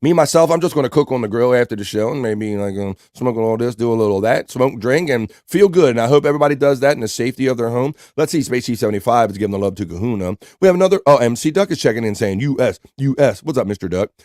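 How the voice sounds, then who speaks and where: A man's voice: mid-range voice, expressive, fast, few pauses, darkish tone, no room sound, studio quality. A man hosting a casual live-stream show, reading out viewer comments and greeting them by name. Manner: reads out chat messages and greets viewers by name.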